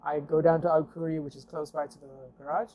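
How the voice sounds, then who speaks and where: The recording is muffled with slight background noise, and the man's fairly high voice moves fast. A guest telling car stories, he gives a casual anecdote, acting out dialogue with frequent fillers and "I'm like."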